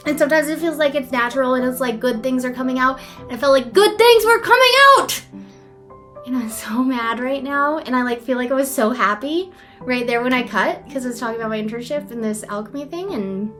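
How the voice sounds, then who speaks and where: A young woman in a rambling, self-deprecating casual vlog, filling her talk with "like". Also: a little high. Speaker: vlogger. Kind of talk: casual talking-head vlog.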